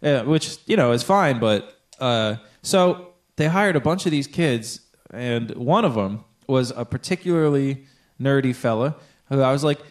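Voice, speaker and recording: Unhurried, with a mid-range voice and lively intonation, this young podcast co-host rambles through a long story in casual conversation. He swears freely and acts out quotes from the people involved.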